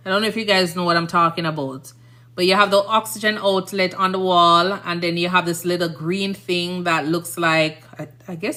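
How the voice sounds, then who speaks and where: Chatty Jamaican woman, bright voice. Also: lowish voice. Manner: chatty, rambling, frequent "you understand?". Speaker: nurse streamer. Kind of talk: casual live-stream chat.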